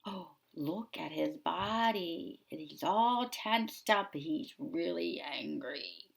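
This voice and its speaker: A woman preschool teacher discussing a picture book with young children, asking them gentle questions. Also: fairly low pitch, lively intonation, takes it slowly, vocal fry, slightly rough.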